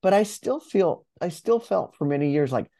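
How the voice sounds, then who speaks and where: A man who coaches and speaks in public, telling a story as an interview guest, animated and acting out his inner voice, with many restarts. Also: high-pitched, normal speed, gravelly. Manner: animated, acts out inner dialogue.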